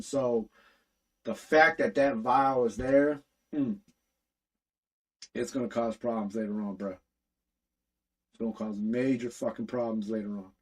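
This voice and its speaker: A man with a slightly husky voice, talking at an ordinary pitch. He recaps an episode in a loose, slangy way, swearing freely and jumping into the characters' lines as he goes. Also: darkish tone, low-quality recording. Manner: profane, slangy storytelling, acts out characters' lines. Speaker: podcast host recapping an animated series. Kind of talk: casual recap chat.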